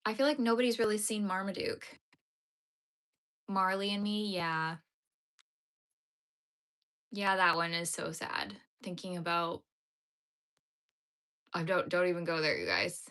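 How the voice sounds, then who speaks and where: A woman's voice: on the low side, animated, unhurried, long pauses, fairly bright tone. A young woman streaming live as she crochets, chatting with her viewers and getting tearful over sad dog movies. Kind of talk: casual live-stream chat while crocheting.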